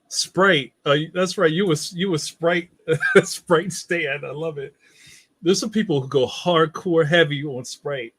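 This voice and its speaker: A man's voice: a little high, unhurried, fairly bright tone, no echo. A man hosting a casual livestream, reading viewer comments aloud in a playful, slangy way and laughing often. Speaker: livestream host.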